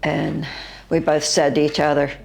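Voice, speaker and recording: This older woman, whose accent is West Virginian, has a low voice and a flat delivery. She gives an eyewitness account of her own encounter, halting and restarting with fillers but keeping it vivid.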